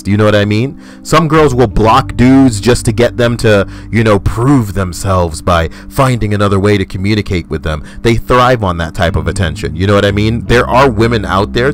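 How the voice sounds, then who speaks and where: A young man with a deep, low voice tears into crude comedic commentary. He is loud, profane and emphatic, and he rants at the listener while soft music plays underneath. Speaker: host reading stories.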